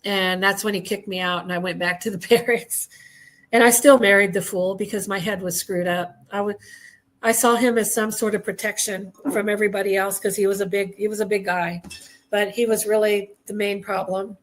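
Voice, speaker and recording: A woman guest who is an Army veteran, speaking candidly in a halting way and often clearing her throat. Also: medium pitch, fairly even intonation. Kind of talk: personal testimony in conversation.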